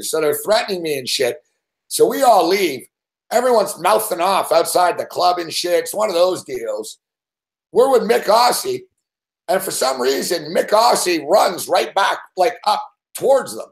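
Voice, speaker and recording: A man's voice: on the high side, animated, normal speed. A man hosting a live sports betting show, telling a rambling story full of swearing and laughing at himself.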